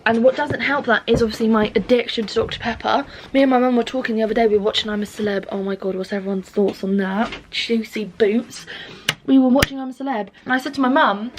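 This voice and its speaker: A young British woman with a high voice chats rambling and self-deprecating to her phone camera. She swears freely while sitting in her car. Road noise hums clearly underneath. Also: steady tone, quick pace. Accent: British English. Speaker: vlogger. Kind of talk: casual chat to camera.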